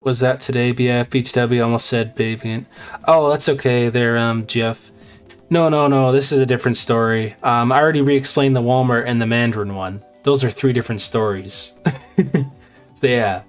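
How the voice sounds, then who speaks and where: A man chatting on a game stream, at an ordinary pitch for a man. He rambles through a story with many fillers and restarts. Faint music plays in the background. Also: fairly even intonation, moderate pace, clear, resonant tone. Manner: rambling, filler-heavy, repeats "I said". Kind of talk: casual storytelling chat.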